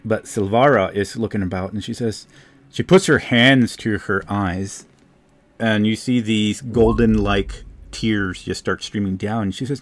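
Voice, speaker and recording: A man running a tabletop game, narrating scenes in a slow, unhurried way. He rambles loosely, with restarts and fillers, in a lowish voice. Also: faint music behind. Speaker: game master.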